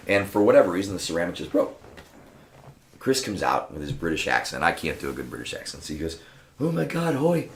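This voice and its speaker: Middle-aged male storyteller, low voice, animated and profane, echoey room. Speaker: guest storyteller. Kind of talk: casual storytelling chat. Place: room with a small live audience.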